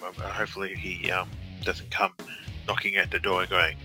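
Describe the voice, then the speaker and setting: Bright-toned Australian man, rambling chat. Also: low-pitched, little pitch movement, moderate pace, soft background music. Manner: chatty, rambling, playful voices. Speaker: podcast co-host. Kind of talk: casual podcast chat.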